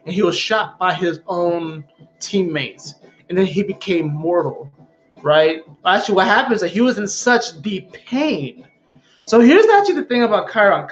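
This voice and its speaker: A man talking casually to his viewers about astrology in an animated, emphatic way, often swearing. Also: sits high, moderate pace, highs cut off. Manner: animated, emphatic, frequently profane. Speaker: astrology vlogger. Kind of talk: casual spiritual chat to viewers.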